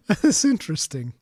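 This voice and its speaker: A man hosting a casual live gaming stream, excitable and profane. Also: very high-pitched, husky, dry recording, clean studio sound. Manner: excitable, profane, says bro. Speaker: streamer host.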